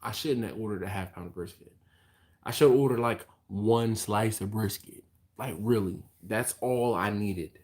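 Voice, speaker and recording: A fairly low-voiced man hosting a casual live stream, tired and yawning between thoughts. He rambles on in a loose, chatty way and stops to answer viewer comments. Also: moderate pace, a little mellow. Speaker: barbecue channel host.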